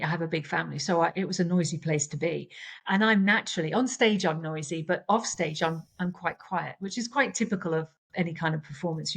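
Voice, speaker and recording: A woman's voice: fairly low pitch, gravelly, poor audio. A middle-aged woman coach in casual conversation, explaining her methods earnestly and acting out quoted exchanges.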